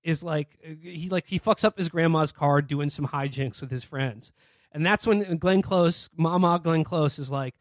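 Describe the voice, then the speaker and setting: A man's voice: a little high, normal speed, no echo, clean studio sound. Profane laughing man on a podcast. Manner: profane, laughing, acts out quoted characters. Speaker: podcast co-host. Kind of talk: casual comedic podcast chat.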